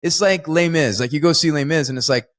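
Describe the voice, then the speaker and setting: A man co-hosting a podcast, chatting casually about a film with lots of laughter and excited jumps in pitch. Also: fairly quick. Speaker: podcast co-host. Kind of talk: casual film review chat.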